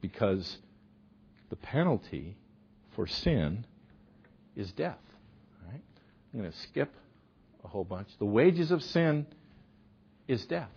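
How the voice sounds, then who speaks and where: Husky-voiced male preacher, lo-fi. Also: on the low side, slow pace, long pauses. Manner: animated storyteller, swings from loud to hushed. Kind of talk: sermon.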